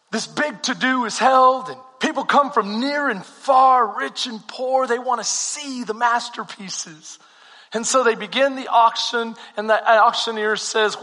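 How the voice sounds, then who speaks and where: An earnest pastor with a very high, bright male voice tells a sermon story and prays. A long reverb of a church hall hangs on his words. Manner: earnest, fervent.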